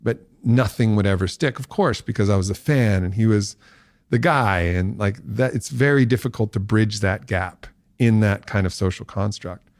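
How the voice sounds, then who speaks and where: A man in his forties, a podcast guest, telling a story in casual talk and acting out quotes with big jumps in pitch. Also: moderate pace, no room sound, clean studio sound.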